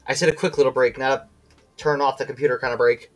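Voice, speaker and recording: A tired man on a live stream reads game dialogue aloud, stumbling over words and correcting himself as he goes. His pitch sits in an ordinary middle range, and faint game music plays underneath. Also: steady tone, quick pace, rough recording. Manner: reads aloud with slips and self-corrections, breaks off to chat. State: tired and yawning.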